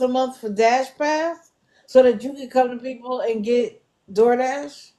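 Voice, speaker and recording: A woman's voice: high voice, a little slow, warm tone. A woman hosting a live stream, talking bluntly and with exasperation to her viewers. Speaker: livestream host. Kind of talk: casual commentary. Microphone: live stream setup.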